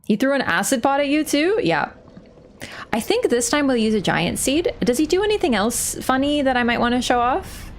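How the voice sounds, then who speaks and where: A young woman streaming a game live, excitable, shouting at the game and laughing often. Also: high-pitched, moderate pace, slight background noise.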